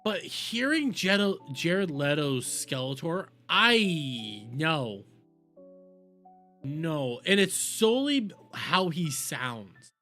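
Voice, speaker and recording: A man's voice: fairly high pitch, very animated, drawn-out words, pushed and bright, soft background music. A young adult man giving profane, rambling reaction commentary as a video host.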